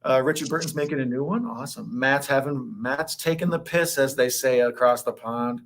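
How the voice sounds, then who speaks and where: A man co-hosting a casual livestream, reading viewer comments aloud and joking, with sudden jumps up in pitch. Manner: jokey, reads comments aloud, quick laughs and pitch jumps. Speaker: co-host reading live chat.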